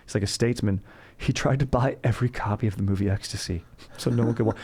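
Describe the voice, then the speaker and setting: A man's voice: on the low side, fast, vocal fry, hardly any pauses, darkish tone. A man hosting a comedy history podcast, telling the story in a rambling, slangy way. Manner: rambling, slangy, laughs at his own jokes. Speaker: podcast host.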